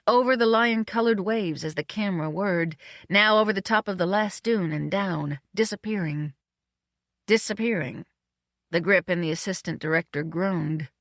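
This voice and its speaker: Brisk audiobook narrator, dry sound. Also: medium pitch, fairly bright tone, no echo. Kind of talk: scripted narration.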